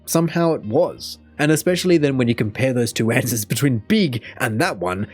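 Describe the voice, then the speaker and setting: Young Australian male reactor, lively chatty commentary, faint music underneath. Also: mid-range voice, brisk, breathy edge. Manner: chatty, musing, thinks aloud. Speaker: reaction video host. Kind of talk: casual commentary.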